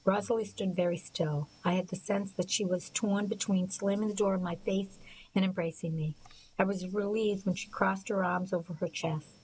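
A woman narrating a novel as an audiobook, in a soft, quiet voice that sometimes drops to a whisper. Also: mid-range voice, steady tone, moderate pace, a little hiss or hum, rough recording.

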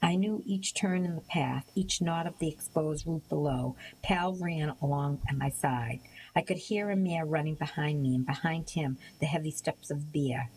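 A woman reading a novel aloud as an audiobook narrator, in a measured, even storytelling manner. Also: sits low, a little hiss or hum, rough recording. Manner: measured, even storytelling with occasional small slips. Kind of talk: scripted narration.

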